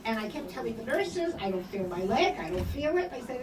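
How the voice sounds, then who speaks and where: A woman's voice: on the high side, brisk, few pauses. Older woman telling stories in an echoey hall. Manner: animated, acts out quoted dialogue. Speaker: speaker sharing memories. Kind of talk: personal storytelling talk. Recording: echoey room from far off, noisy.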